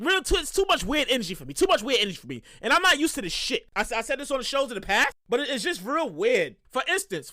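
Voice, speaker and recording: Animated, high-voiced male podcast host. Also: no room sound, clean studio sound. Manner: animated storyteller, acts out voices, repeats himself. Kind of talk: casual solo monologue.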